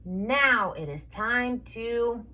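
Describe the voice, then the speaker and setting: A high, bouncy woman's voice rises and falls in big swoops as she plays with toy animals for small children. She speaks very slowly and repeats simple words in an exaggerated sing-song way, like a children's speech therapist leading a game. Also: animated, background noise. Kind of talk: toy play narration for toddlers.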